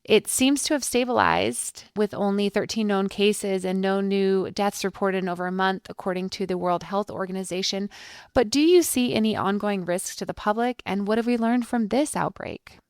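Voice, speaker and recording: A woman hosts the interview, posing prepared questions in a composed, summarizing manner. Her voice is smooth and resonant, mid-pitched, recorded dry and close. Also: moderate pace, no room sound. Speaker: interview host.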